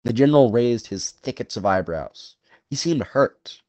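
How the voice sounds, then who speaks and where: A man reading a story as narrator, in a measured, dramatic way. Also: medium pitch, lively intonation, a little mellow, no echo. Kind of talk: scripted audiobook narration.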